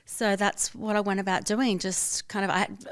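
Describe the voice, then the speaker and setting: A woman's voice: mid-range voice, little pitch movement, moderate pace. A woman with an Australian accent, a business founder telling her story as a guest in a casual interview, upbeat and chatty. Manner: upbeat, chatty, quotes herself and others. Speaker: guest, fashion label founder.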